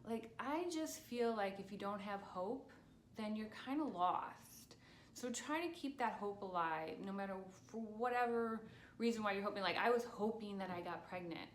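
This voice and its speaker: A woman's voice: mid-range voice, moderate pace. Woman, 40s, casual vlogger, chatty and earnest, roomy echo, faint hiss. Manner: chatty, earnest, with many fillers. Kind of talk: casual talking-to-camera vlog. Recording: echoey room with faint noise.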